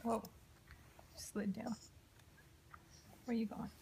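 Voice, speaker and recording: A young mother coaxing her baby in gentle baby talk, often dropping to a half-whisper. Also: fairly high pitch, flat delivery, very slow, gravelly, a little hiss or hum.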